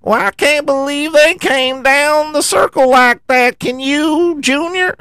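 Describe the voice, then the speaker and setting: A man imitating a high-pitched, gushing male race commentator who keeps marveling in disbelief. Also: takes it slowly, pushed and bright, no room sound, exaggerated voice. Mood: amazed.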